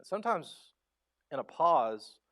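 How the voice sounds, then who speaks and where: Man, pastor, sermon, animated storytelling, slightly higher voice. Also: slow. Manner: conversational, asks the crowd questions.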